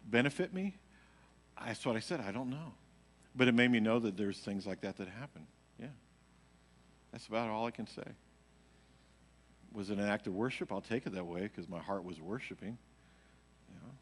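Man, worship leader, low register, casual rambling testimony, live in a reverberant church hall. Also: normal speed, long pauses. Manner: rambling storytelling, heavy on fillers. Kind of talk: casual personal testimony to a congregation. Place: church sanctuary.

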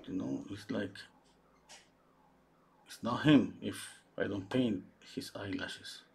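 Male painter, husky voice, halting live-stream chatter with many restarts. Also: fairly low pitch, a little mellow. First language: Spanish. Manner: halting, searches for English words, many restarts. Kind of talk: casual chat while painting live.

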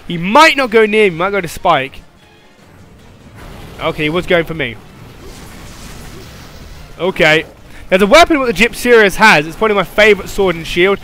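Young male gamer, bright high voice, jumpy and jokey, shrieks mid-fight. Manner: excitable, yelping and laughing, swings from mutters to shrieks; joking, rambling banter at the game's monster. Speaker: gameplay commentator. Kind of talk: live gameplay commentary.

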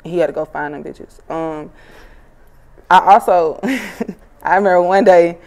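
A woman's voice: fairly low pitch, measured pace, darkish tone. Blunt, laughing rapper woman in her mid-twenties. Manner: blunt, profane, laughs while telling stories. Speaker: rapper being interviewed. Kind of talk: casual interview chat.

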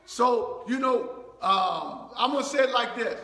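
A man delivers a sermon with a slow, deliberate pace and a strikingly high, bright, gravelly voice. He stammers and repeats phrases, then climbs into shouted emphasis. The sound rings with long reverb, as in a large church hall. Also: lively intonation. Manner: repetitive, stammering restarts, rising to shouts. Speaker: pastor.

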